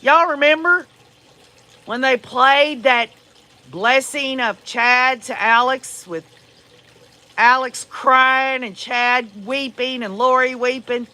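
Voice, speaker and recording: Blunt, bright-voiced woman host. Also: sits high, fairly even intonation, slow pace. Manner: blunt, profane and emphatic, talks straight to viewers. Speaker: livestream host reading viewer comments. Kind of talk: casual true-crime commentary.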